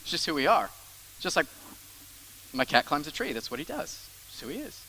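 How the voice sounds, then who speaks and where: Bright, emphatic young pastor. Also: male voice, fairly high pitch, big pitch swings, fairly quick, a little hiss or hum, poor audio. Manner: emphatic, with soft drops into grumbling asides. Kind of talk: sermon.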